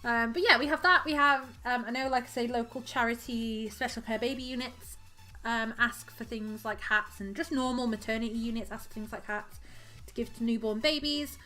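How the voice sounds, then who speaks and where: A woman's voice: fairly high pitch, normal speed, bright, forceful tone, soft background music. A woman live-streaming as she crochets at home, chatting casually and giggling, and counting her stitches aloud.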